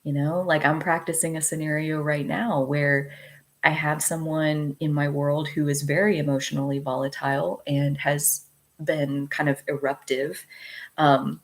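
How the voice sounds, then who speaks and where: Low-voiced chatty woman. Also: little pitch movement, unhurried. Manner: chatty, frank, laughs often, says "like" and "dude" a lot. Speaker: astrologer host. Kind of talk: casual spoken astrology talk.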